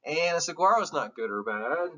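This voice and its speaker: A man's voice: fairly high pitch, expressive, normal speed, pushed and bright, distant mic, muffled recording. A man giving an emotional, earnest classroom lecture, candid and sometimes swearing. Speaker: teacher.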